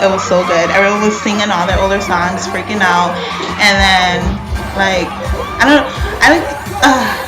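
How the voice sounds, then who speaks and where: A young woman vlogger excitedly retelling a story, gushing and peppered with "like," breaking into screams when she acts it out. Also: medium pitch. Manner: gushing, lots of "like" fillers, bursts into screams when reenacting. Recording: echoey room with noise.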